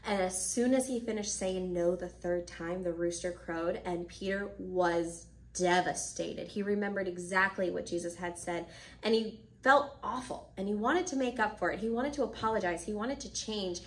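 A woman's voice: medium pitch, moderate pace. A woman teaching children at church, reading a Bible story and then explaining it, acting out the characters' lines as she goes.

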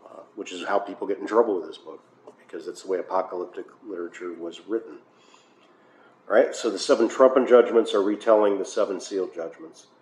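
An American pastor leads a conversational Bible study in a church hall, dropping filler uhs and wry asides. His voice is low and darkish, his pace brisk, and the echoey room carries faint noise.

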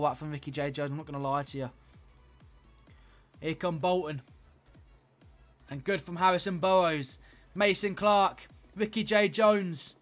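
A young man giving play-by-play commentary on his own football video game, swinging between low grumbling and shouted excitement. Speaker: gaming YouTuber playing football career mode.

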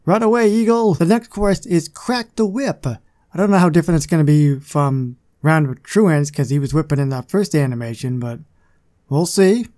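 A chatty man narrates his gameplay with a mellow, rounded tone. He drifts into muttered, self-deprecating asides. His voice sits slightly high. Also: animated, normal speed. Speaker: gaming channel host. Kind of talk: casual gameplay commentary.

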